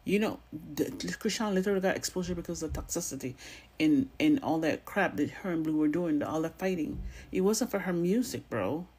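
A woman talks straight into her vlog with a husky, breathy voice and a noticeable accent of her own. She gives her commentary bluntly and with sass. She swears freely as she talks. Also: low-pitched, expressive, a little fast, darkish tone. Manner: blunt, sassy and profane; has a non-standard accent of her own. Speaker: gossip commentary vlogger. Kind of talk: casual commentary.

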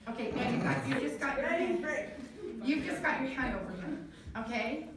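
Woman, theater director, coaxing rehearsal notes, slightly high voice, distant mic, very echoey hall, faint noise. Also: expressive, moderate pace. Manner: chatty, coaxing instructions.

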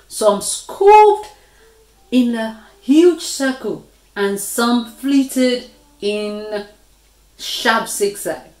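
A woman reading a storybook aloud to children in an expressive read-aloud voice. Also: a little high, echoey room, rough recording.

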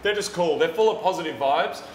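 A man's voice: fairly high pitch, a little fast. A man with an Australian accent co-hosting a casual chat show, upbeat and chatty, telling stories. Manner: chatty and upbeat, tells stories with quoted voices. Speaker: co-host. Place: restaurant dining room. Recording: roomy restaurant sound with faint background noise.

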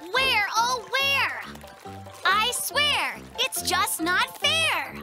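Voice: very high voice, very animated, very slow, full character voice. An actor voicing an earnest little male brown bear cub in a cartoon, hesitant and fretful. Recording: cartoon soundtrack with loud music.

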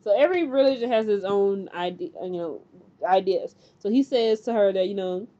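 A woman casually recapping a TV episode, talking in an animated, chatty way with lots of fillers and acted-out quotes. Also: mid-range voice, moderate pace, muffled recording. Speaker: TV recap host.

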